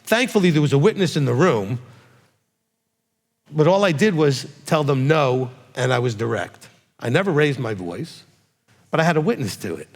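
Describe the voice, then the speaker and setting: Animated rabbi in a reverberant hall. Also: male voice, a little high, moderate pace, pauses often. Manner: direct, animated, checks in with frequent "okay?". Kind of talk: answering congregants' questions.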